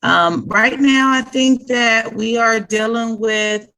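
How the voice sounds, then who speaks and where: A woman's voice: fairly high pitch, steady tone, slow, bright, forceful tone. A woman, a retired police officer and sheriff candidate, answering interview questions earnestly and unhurriedly with frequent fillers.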